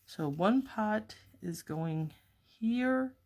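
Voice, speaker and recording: A woman calmly narrating a card-making tutorial step by step, talking herself through each task as she works at her craft table. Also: mid-range voice, very slow. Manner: calm, step-by-step, talks to herself while working. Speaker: papercraft demonstrator.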